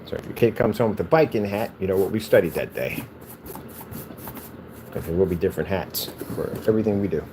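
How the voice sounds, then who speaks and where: Brief: a playful, rambling man with a lowish voice, chatting as he works. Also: fairly quick, background noise. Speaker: cardboard PC case builder. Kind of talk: casual chat while crafting.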